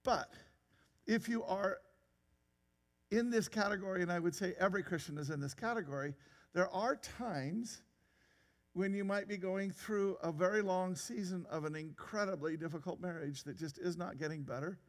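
A man's voice: sits high, moderate pace, in a large hall. A man preaching a sermon in a church, conversational, with rhetorical questions and frequent restarts. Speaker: pastor.

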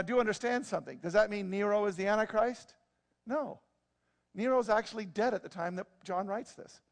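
A man delivers a sermon with a high, gravelly voice, animated and joking as he talks to his congregation. His voice rings out with long reverb in a large church hall. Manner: animated, joking, conversational preaching. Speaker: pastor.

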